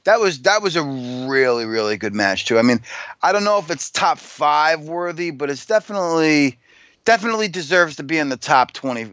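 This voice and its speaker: A man's voice: fairly high pitch, lively intonation, a little fast, a bit bright, dry recording. A man co-hosting a casual podcast, wry and sarcastic, giving frank opinions. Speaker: podcast co-host. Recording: dull, dry lo-fi recording.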